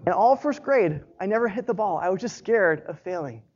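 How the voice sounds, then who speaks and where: A man's voice: high voice, animated, brisk, muffled recording. A man in his thirties preaching a sermon, earnest and encouraging as a pastor.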